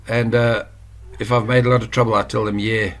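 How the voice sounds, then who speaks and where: A man's voice: mid-range voice, level tone, brisk. A South African man giving a casual screen-share tutorial, chatty and rambling, correcting himself as he goes. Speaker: online course instructor.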